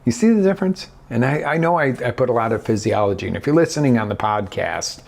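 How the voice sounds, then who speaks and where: Gravelly, animated male life coach. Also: medium pitch, fast. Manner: animated, acts out scenarios with big voice inflections. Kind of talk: motivational talk.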